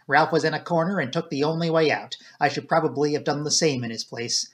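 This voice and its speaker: A composed, frank young woman, voiced by a male reader, speaks calmly and reassuringly. The voice sits a little high for a man. It is an audiobook reading. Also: fast talker, natural voice.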